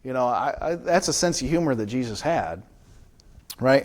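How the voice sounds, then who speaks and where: A male pastor delivering an evening Bible study sermon in a church, with a voice of middling pitch. He talks in a loose, conversational way, tossing rhetorical questions to his listeners as he teaches. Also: animated, normal speed.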